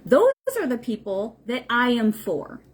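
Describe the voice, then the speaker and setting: A woman's voice: on the high side, very animated, measured pace, husky. A woman hosting a livestream, talking casually and bluntly, with frequent profanity and emphatic repetition. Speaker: spiritual livestream host. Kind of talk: casual unscripted livestream talk.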